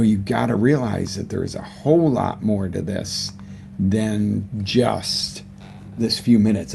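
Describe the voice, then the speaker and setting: In a live broadcast setup, a motivational coach gives an unscripted talk, conversationally asking listeners about their week and state of mind. His voice is fairly low, gravelly and darkish, with slight background noise.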